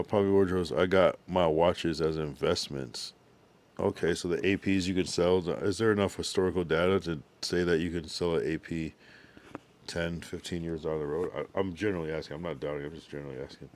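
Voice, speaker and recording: Young dude streaming, real deep voice, sleepy and yawny, just rambling with chat. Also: male voice, a little mellow. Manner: laid-back, drowsy, talks in loose run-on asides with slang. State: sleepy, yawning. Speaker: livestreamer. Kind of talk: casual livestream chat reading viewer comments.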